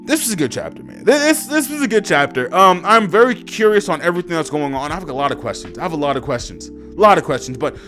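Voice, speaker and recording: Young man, slangy manga review, animated pitch, faint music behind. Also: quick pace, few pauses. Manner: rambling, profane, slangy, many fillers. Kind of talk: casual chapter review.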